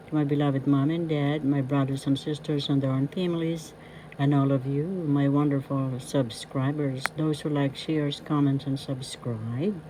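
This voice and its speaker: A woman teaching a language lesson, breaking words into syllables and repeating them slowly. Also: sits low, rough recording. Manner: syllable-by-syllable pronunciation drilling, warm greetings. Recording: loud background noise, passing vehicles.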